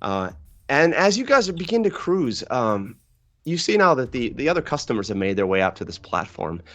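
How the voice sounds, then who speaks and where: A man's voice: mid-range voice, very animated, moderate pace, fairly bright tone, lo-fi sound. A man narrating as game master of a tabletop game, casual, with frequent fillers and laughs.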